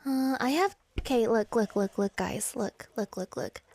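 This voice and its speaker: A woman's voice: on the high side, normal speed, darkish tone. A woman hosting a radio show in a studio, chatting casually in a bubbly, rambling, playful way. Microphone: studio microphone.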